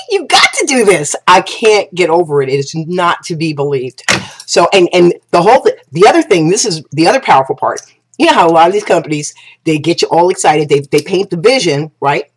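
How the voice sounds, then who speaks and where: A woman with a low, husky voice talks straight to her viewers in a casual vlog. She gushes about a business opportunity, tripping over restarts and repeating her amazement. It sounds like an eager affiliate marketer. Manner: gushing and excitable, with restarts and repeated exclamations. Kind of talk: casual promotional vlog talk.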